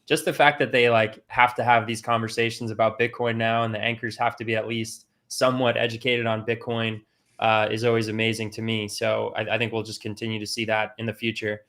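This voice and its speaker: A man's voice: on the low side, little pitch movement, brisk, a bit bright. A man hosting a casual panel discussion, conversational and steering the talk to his co-hosts. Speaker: podcast host.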